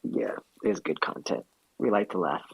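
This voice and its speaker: Man, casual chat, slangy, laid-back, lowish pitch, husky, dry close sound. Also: normal speed, dry recording, low-quality recording. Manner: slangy, laid-back, stumbles over words. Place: on a live audio call.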